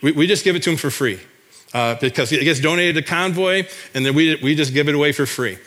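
A man's voice: a little high, fast, a bit bright. A man from Michigan, a missionary, telling a church congregation about his work in an enthusiastic, folksy way, often restarting his sentences. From Michigan, USA.

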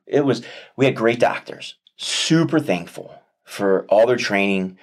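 Man, deep low voice, interview guest, father, heartfelt testimony, earnest, reflective, halting restarts. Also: expressive. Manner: earnest, reflective, speaks with many pauses and restarts.

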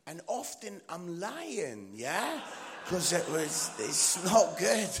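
A man's voice: sits high, big pitch swings, slow, noisy background. A man from Edinburgh with a Scottish accent, a guest preacher and comedian giving a chatty, teasing sermon with many fillers. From Scotland, Edinburgh. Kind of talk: casual, joking sermon talk. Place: church hall. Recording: long hall reverb.

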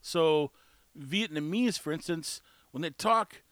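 A man's voice: fairly high pitch, animated, takes it slowly, a bit bright, dry recording. A man talking casually on his own, rambling, opinionated and laughing at his own jokes. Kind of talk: casual solo talk.

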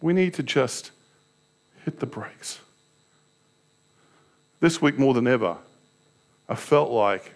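A man's voice: mid-range voice, expressive, takes it slowly, gravelly, long pauses. A pastor preaching a sermon in a candid, self-deprecating way, telling personal stories and asking his listeners rhetorical questions.

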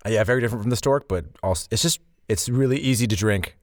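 A man's voice: on the low side, quick pace, no echo, clean studio sound. A man co-hosting a podcast, easygoing and joking, rambling a little as he talks. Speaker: podcast co-host. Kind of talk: casual chat.

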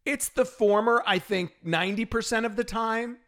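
A middle-aged man hosting a solo fitness podcast, talking in an animated, exasperated rant with frequent laughs. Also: high voice, moderate pace. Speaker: podcast host and fitness trainer.

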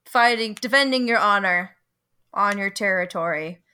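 A woman chatting casually on a podcast, talking slowly with frequent giggles. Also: mid-range voice, sharp tone, clean tone. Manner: slow, giggly, drawn-out. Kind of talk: casual group chat.

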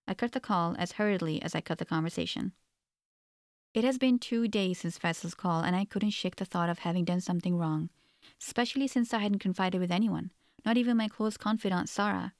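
A woman's voice: fairly low pitch, a little fast, a little mellow, no echo, clean studio sound. A woman narrating a first-person novel in an earnest, reflective manner. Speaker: audiobook narrator.

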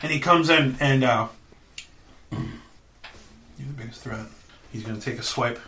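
A man's voice: measured pace, slight background noise. A man narrating as dungeon master of a tabletop game, playful and casual. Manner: playful, puts on squeaky goblin voices.

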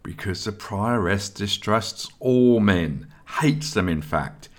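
A man's voice: fairly low pitch, expressive, takes it slowly. A man reading an audiobook voices a fussy, exasperated young man who corrects his friend with patient primness. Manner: prim and exasperated.

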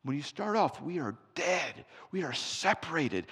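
A man preaching a sermon in a church, telling stories with big swings from quiet to shouting. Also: fairly high pitch, very animated, a little slow, hardly any pauses, slightly rough. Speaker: pastor. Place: church sanctuary. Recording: preaching in a church hall with long reverb.

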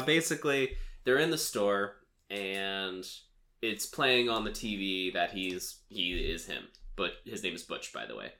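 Male podcast host, bright, edgy tone, loose chatty delivery full of "like"s. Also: low voice. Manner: chatty, rambling, full of filler "like"s and laughs. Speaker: podcast host recapping a film. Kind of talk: casual chat.

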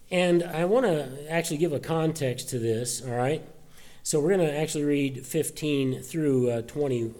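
A man preaching a sermon to his church, earnest and conversational, often pausing with uh and restarting his sentences. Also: mid-range voice, dark tone. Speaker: pastor. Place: church service.

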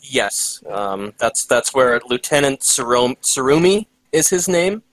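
A man in casual chat, relaxed and retelling scenes with the odd swear word. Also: mid-range voice, measured pace, dry recording, poor audio. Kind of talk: casual chat about an anime.

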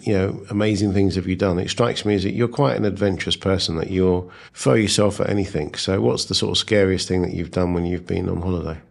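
A man's voice: low voice, steady tone, fast talker, vocal fry, few pauses. A man hosting a podcast, asking questions in a teasing, playful way. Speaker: podcast host. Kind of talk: casual chat.

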